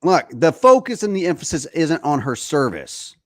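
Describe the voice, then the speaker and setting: Man, podcast host, high voice, swooping pitch, dry close sound, profane, emphatic. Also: very animated, normal speed, a bit bright, no room sound. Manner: profane, emphatic, repeats himself when worked up. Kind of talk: heated political talk.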